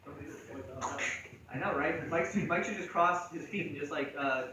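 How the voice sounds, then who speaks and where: In a martial arts gym, a man with a fairly high voice teaches a jiu-jitsu choke to a class at normal speed, joking, keeping it conversational, and often checking in with "right?" It's casual technique instruction. The lo-fi recording, made from a distance in an echoey room, picks up a crowd in the background.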